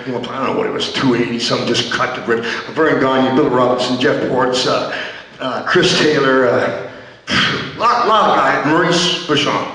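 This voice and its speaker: A stage performer does a one-man show in a theater, his high-pitched voice pushed, bright and heavily acted. He tells brash, profane stories about his wrestling days, heard from far off in an echoey hall.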